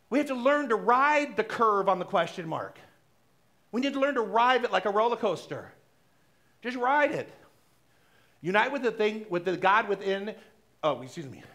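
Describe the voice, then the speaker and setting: High-pitched middle-aged guy preaching a sermon, chatty and playful, acts out little conversations. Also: fairly bright tone. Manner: conversational and playful, acting out little dialogues, laughing. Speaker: minister. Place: church sanctuary.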